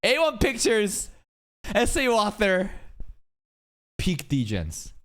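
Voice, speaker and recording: Male streamer doing reaction commentary; crude, excitable, prone to stammering; voice sits high and leaps around. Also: takes it slowly.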